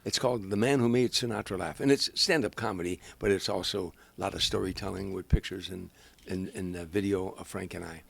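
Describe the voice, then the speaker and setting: An older man, a stand-up comedian, telling animated anecdotes as a guest in an interview. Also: low-pitched, fairly quick, gravelly, slightly rough. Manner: animated storyteller, acts out quoted voices.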